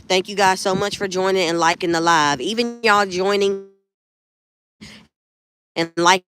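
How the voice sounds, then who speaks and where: A lifestyle vlogger hosts a casual livestream in a measured, slightly bright mid-range voice. She rambles warmly about faith and keeps speaking directly to her viewers.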